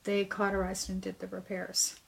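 A woman's voice: medium pitch, completely flat delivery, moderate pace, creaky. A middle-aged woman sharing a personal testimony, telling her story with animation and acting out what people said. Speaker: church member sharing testimony.

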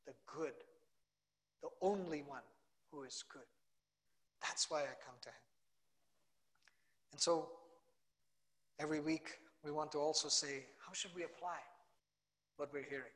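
A man's voice: a little high, a bit bright, long reverb tail. A male pastor preaching a sermon and leading a prayer, urging his listeners on in short, repeated phrases. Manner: earnest, repetitive exhortation in short phrases.

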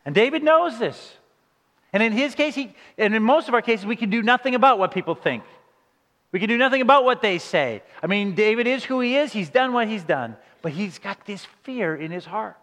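A man preaching a sermon with dramatic delivery, dropping to hushed low passages and rising into emphatic questions. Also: animated, fairly quick. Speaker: pastor. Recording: long hall reverb.

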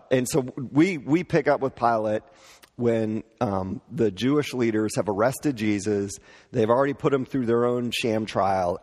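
A man's voice: lowish voice, a little mellow. A man giving a sermon in a conversational way, explaining with asides and light laughs. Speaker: pastor. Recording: long hall reverb.

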